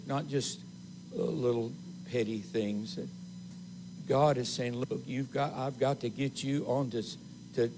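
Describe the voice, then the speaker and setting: A man preaching a sermon as assistant pastor in a church, slow and emphatic, with repeated phrases and pauses. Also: medium pitch, noisy background. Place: church sanctuary.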